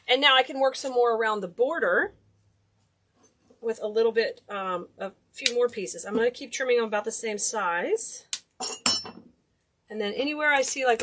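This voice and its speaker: A woman's voice: a little high, a bit bright. Chatty woman crafting. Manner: chatty, enthusiastic, gushes over cute details. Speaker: craft video host. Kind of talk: casual DIY tutorial.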